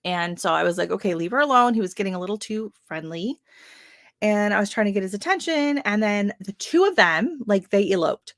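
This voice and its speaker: A chatty woman in her thirties, from Canada, rambles through a story on a home livestream. She fills her talk with "like" and "um" and laughs often. Her voice sits at a middle pitch, and the webcam sound is dry and close with no room echo. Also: lively intonation, moderate pace. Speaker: gardening channel host. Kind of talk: casual livestream chat.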